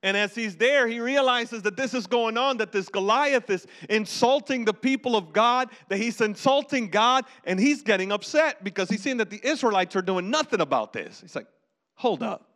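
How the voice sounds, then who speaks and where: A man preaching a sermon, telling the story with lively acted voices and calls for the audience to repeat. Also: high voice, moderate pace, few pauses. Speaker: pastor.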